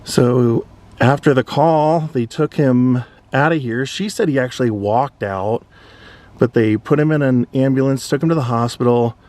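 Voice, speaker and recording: A man's voice: mid-range voice, normal speed, a little mellow. A man hosting a vlog, casually recounting events in a conversational way. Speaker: vlog host. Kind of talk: casual narration.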